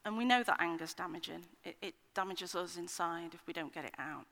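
A woman's voice: lowish voice, a little fast, creaky, fairly bright tone. A middle-aged woman giving an earnest, conversational personal-testimony sermon, with frequent ums and restarts. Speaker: speaker at a church meeting. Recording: hall with long reverb.

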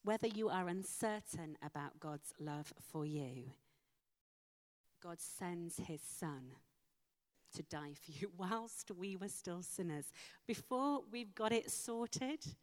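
Slow, low-voiced woman preaching. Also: darkish tone. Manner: slow, emphatic, with dramatic pauses. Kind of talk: sermon. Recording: long hall reverb.

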